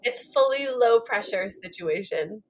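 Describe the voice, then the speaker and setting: A woman's voice: medium pitch, huge pitch swings, unhurried, gravelly. A woman from Canada hosting a podcast interview, friendly and reassuring, laughing easily while chatting. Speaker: podcast host. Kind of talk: casual interview.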